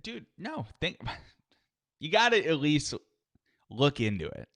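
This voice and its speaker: A man co-hosting a comedy podcast, teasing his partner in a deadpan, casual way. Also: fairly high pitch, slow, no room sound. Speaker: podcast co-host.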